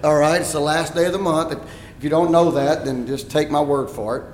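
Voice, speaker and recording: A pastor telling a story in his sermon, animated and rising to shouts at times. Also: a little high, normal speed, a little hiss or hum. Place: church sanctuary. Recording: echoey church hall.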